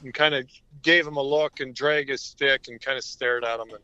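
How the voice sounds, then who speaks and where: Man, middle-aged, podcast guest, earnest rambling anecdotes, bright voice, dry sound. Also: medium pitch, fairly even intonation, moderate pace, smooth, no echo, lo-fi sound. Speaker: podcast guest, former hockey player. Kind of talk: casual interview storytelling.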